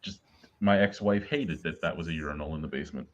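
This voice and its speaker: A man's voice: extremely low pitch, fast talker, slight background noise. A man hosting a casual beer chat over a video call, blunt and swearing as he rants through stories. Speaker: podcast host. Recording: dull lo-fi video call audio.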